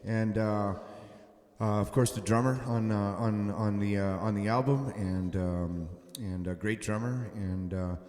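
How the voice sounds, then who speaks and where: A musician hosting a casual live stream from home, talking haltingly with many fillers and restarts. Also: male voice, fairly low pitch, steady tone, a little mellow, echoey room, in a large hall.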